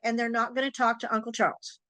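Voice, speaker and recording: A woman's voice: on the high side, little pitch movement, quick pace, bright, forceful tone, no echo. A woman hosting a talk show as a psychic, chatting casually and telling anecdotes in a storytelling way. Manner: chatty storyteller, acts out quoted voices. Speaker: psychic and tarot teacher, podcast host. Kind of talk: casual interview chat.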